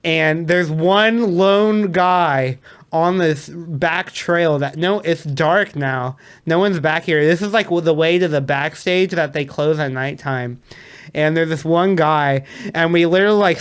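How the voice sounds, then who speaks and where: A man, a DJ, telling a story in a casual, animated way and laughing often. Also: on the high side, clean tone. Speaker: DJ guest.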